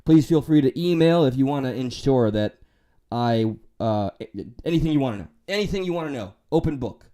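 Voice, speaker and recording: A man's voice: medium pitch, expressive, fairly quick, dark tone. Man, New York accent, casual livestream chat, profane, rambling, candid. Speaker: livestream host reading chat.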